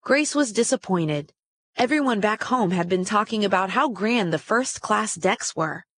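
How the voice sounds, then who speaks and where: A woman reading a children's story aloud in a steady, expressive way. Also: mid-range voice, a little slow, dry recording. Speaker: storybook reader.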